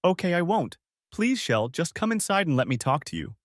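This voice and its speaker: A sobbing young wife begs for forgiveness in a high, trembling voice, as a man puts her on. Her pleas rise and fall sharply. The sound is close and dry. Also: very animated, fairly quick, no echo. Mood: pleading. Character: tearful pleading young wife.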